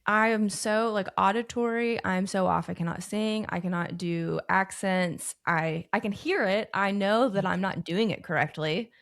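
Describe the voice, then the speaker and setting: A woman co-hosting a laid-back podcast, talking candidly and poking fun at herself. Her voice has a gravelly fry, and she lets out easy laughs between thoughts. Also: medium pitch, moderate pace, hardly any pauses, fairly bright tone. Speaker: podcast co-host. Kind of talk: casual chat.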